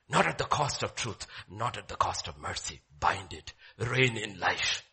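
A male pastor, preaching a sermon and swinging between loud declaiming and hushed pleading. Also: a little high.

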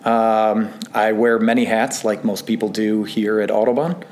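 A man's voice: lowish voice, steady tone, unhurried, a little mellow, a little hiss or hum. A man from northern Illinois, a guest on a podcast, talks casually and rambles in a self-deprecating way, with lots of fillers. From northern Illinois, USA. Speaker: interview guest, assistant track manager. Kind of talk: casual interview chat. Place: tower room at a country club, indoors.

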